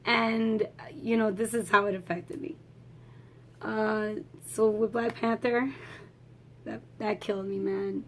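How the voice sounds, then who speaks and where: A woman's voice: mid-range voice, fairly even intonation, slow pace, slight background noise. A woman giving a casual, emotional movie review vlog, swearing freely and laughing as she talks.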